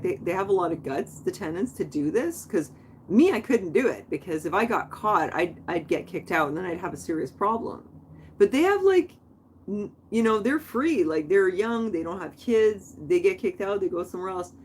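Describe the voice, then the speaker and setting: A woman's voice: fairly low pitch, a little hiss or hum. A middle-aged woman hosting a livestream, talking in a rambling, chatty way, full of "like.". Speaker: livestream host. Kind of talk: casual chat.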